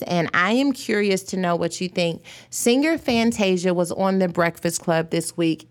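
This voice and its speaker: A woman host chatting on a live stream, reading viewer comments and thinking aloud with frequent fillers. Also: lowish voice.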